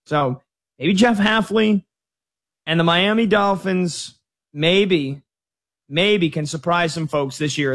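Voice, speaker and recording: A man hosting a sports talk show, bantering energetically about games and trivia with his crew. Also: on the high side. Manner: energetic, animated, jokey. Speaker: sports radio host.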